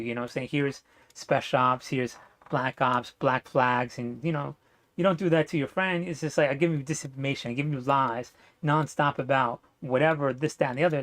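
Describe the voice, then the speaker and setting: A man's voice: medium pitch, gravelly, no echo. Rambling blunt man with fillers. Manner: rambling, blunt, swears often, many fillers. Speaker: vlogger. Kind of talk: casual opinion monologue.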